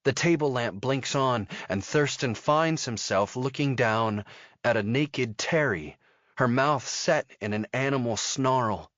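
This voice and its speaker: A man narrating a thriller audiobook in a steady, measured storytelling manner. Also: mid-range voice, dry recording, muffled recording. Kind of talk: scripted narration.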